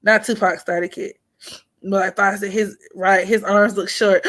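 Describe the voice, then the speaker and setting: A woman's voice: medium pitch, little pitch movement, unhurried, fairly bright tone, a little hiss or hum. A woman hosting an astrology livestream, chatting casually and teasing with frequent laughter. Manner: playful, teasing, laughs often, drops to near-whisper.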